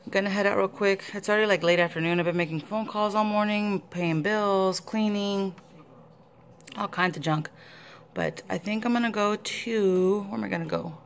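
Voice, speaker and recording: A woman's voice: fairly even intonation, moderate pace. A young woman talking casually to her viewers in a vlog, often slipping into baby talk with her pet. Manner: chatty, swoops into high baby talk with her dog. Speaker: vlogger.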